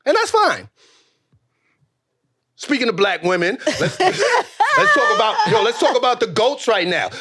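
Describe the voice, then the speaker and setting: A man hosting a podcast, talking in a casual comedic chat with animated, profane, joking rants. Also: high voice. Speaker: podcast host.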